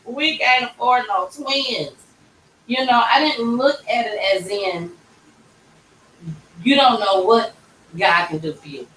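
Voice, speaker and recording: Animated woman telling a story, distant mic. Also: fairly high pitch, slow, long pauses, slight background noise. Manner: animated, acts out quoted voices. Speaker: vlogger telling her story. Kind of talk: casual storytelling. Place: tattoo shop. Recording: roomy, distant mic, faint ambience.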